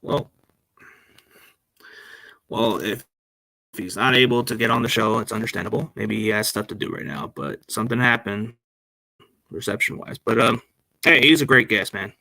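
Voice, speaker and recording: This sports podcast host talks into his laptop microphone in a loose, slangy ramble, tossing out "dude" and "man" to the audience. He sits on the low side at a moderate pace, with vocal fry, frequent pauses, a sharp tone and no room sound.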